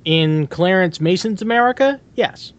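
A man chimes in on a podcast chat with brief, dry one-liners and low murmurs of agreement. His audio sounds dull and lo-fi. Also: expressive, normal speed. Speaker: podcast co-host. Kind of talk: casual chat.

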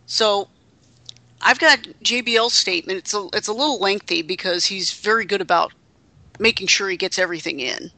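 A woman hosts a loose podcast conversation with a bright, edged tone. She is wry and indignant by turns and keeps restarting her sentences. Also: mid-range voice, normal speed, no echo. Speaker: podcast co-host. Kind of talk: casual chat about pro wrestling.

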